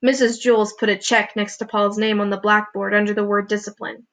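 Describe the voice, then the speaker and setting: A woman teacher narrating a children's book aloud with clear, expressive reading. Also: mid-range voice, fairly quick, poor audio. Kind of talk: storybook read-aloud narration.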